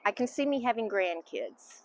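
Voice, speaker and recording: A middle-aged woman, answering interview questions as a mother in a candid, halting, emotional way. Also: fairly high pitch, expressive, slight background noise. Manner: candid, halting, emotional, trailing off into soft asides. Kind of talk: casual family interview.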